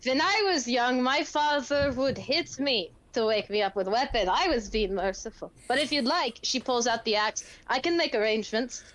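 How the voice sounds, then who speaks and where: A woman voicing a gruff female warrior in a tabletop game, with a blunt, matter-of-fact menace. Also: fairly high pitch, normal speed, few pauses, a bit bright, no room sound, natural voice, rough recording. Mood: menacing.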